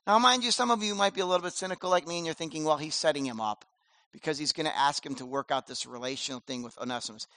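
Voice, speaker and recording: A man preaching a sermon as pastor, animated and conversational, with casual slang. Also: a little high, fast, no echo.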